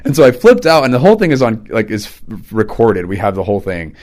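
Guy hosting his podcast, kinda low voice, rambly casual storytelling. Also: sing-song, a little fast, a little mellow. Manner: chatty storytelling, loose and rambling. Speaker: podcast host; teacher and preacher.

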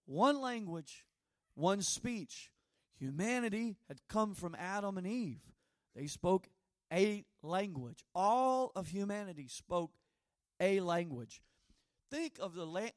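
Middle-aged man, sermon, high voice, dry sound, storytelling, acts out dialogue. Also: lively intonation, slow, no room sound. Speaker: preacher. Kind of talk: sermon with personal stories.

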